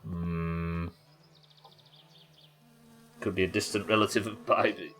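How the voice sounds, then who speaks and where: A man's voice: deep voice, fairly even intonation, takes it slowly, fairly bright tone, faint music behind. A man from England, streaming a game live and thinking aloud as he chats with viewers. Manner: muttering to himself, thinking aloud. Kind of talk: live gameplay commentary.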